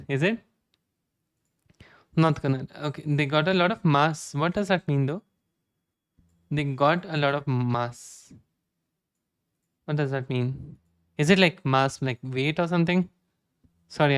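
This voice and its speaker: A man's voice: on the high side, clear, resonant tone, dry recording, clean studio sound. Chatty young man streaming live. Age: 20s. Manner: chatty, self-deprecating, stammering restarts. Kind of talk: casual chat with viewers.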